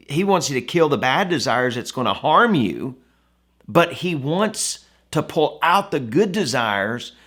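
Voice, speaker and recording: A man's voice: mid-range voice, fairly bright tone. A man giving a devotional Bible teaching in a conversational way, often asking the listener rhetorical questions. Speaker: devotional speaker.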